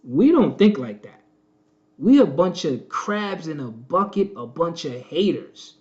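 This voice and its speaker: Male host, higher-pitched, preachy and repetitive; dull lo-fi audio. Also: sing-song, measured pace, darkish tone. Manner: preachy, repetitive, addresses viewers as family. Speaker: channel host. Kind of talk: casual live-stream commentary.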